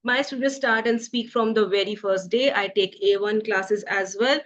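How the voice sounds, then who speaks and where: A woman's voice: medium pitch, normal speed, fairly bright tone. A woman with an Indian accent, a French teacher giving a reassuring, explanatory webinar presentation over a video call. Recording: dull lo-fi call audio.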